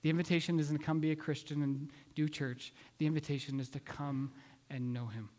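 A man preaching a sermon, telling a story in an earnest, halting way with many restarts. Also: on the high side, steady tone, a little mellow, long reverb tail. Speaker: pastor.

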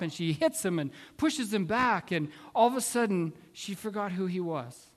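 A man preaching a sermon, telling a story in an earnest, halting way with many restarts. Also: high voice, expressive, big-room sound. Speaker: pastor.

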